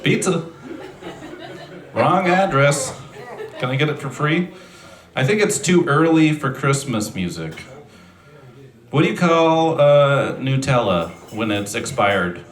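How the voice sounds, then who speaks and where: A man doing a stand-up set, delivering dry, self-deprecating one-liners with frequent throat clearing on a stage mic. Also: medium pitch, sing-song, measured pace, reverberant. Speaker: stand-up comedian. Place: comedy venue stage. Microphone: handheld stage mic on a speaker.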